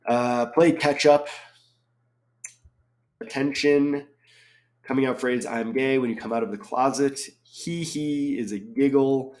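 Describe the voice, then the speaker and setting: A man in his forties, a chatty crossword solver who thinks aloud and wanders off on tangents, full of ums. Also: mid-range voice. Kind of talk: casual solo commentary while solving.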